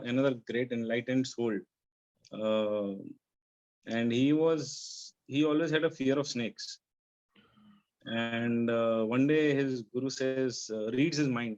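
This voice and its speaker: A man of middle pitch tells a spiritual story to a devotional gathering and voices its characters' dialogue as he goes. The sound is dull and lo-fi, like audio from an online call. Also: a little mellow. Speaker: satsang participant telling a spiritual story. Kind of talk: storytelling in a devotional group discussion.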